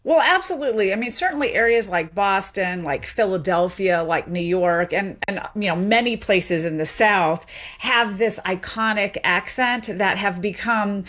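An articulate woman from the United States talks as an interview guest. She explains at a brisk, well-ordered clip and breaks into easy laughter now and then. Her voice sits at a middling pitch. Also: fairly bright tone. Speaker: guest expert on accents.

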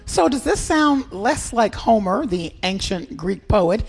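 A woman's voice: medium pitch, big pitch swings, takes it slowly, gravelly, darkish tone, slightly rough, faint music behind. A woman hosting a radio arts and culture chat, wry with laughing asides. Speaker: radio show host.

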